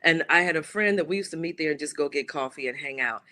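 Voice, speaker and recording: She is a guest author and playwright with a low voice and quick pace, narrating a story energetically and voicing each piece of quoted dialogue differently.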